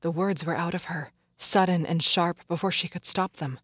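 Casting: measured audiobook narrator with a slightly husky voice. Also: male voice, fairly high pitch, fairly even intonation, fairly bright tone, no room sound, studio quality. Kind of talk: scripted narration.

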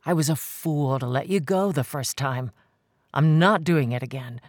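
Reader doing a calm, stubborn man. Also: moderate pace, no echo, studio quality, natural voice. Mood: calm, insistent. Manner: calm, firm, low-key. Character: determined man, calm, insistent, devoted. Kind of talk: audiobook character voice.

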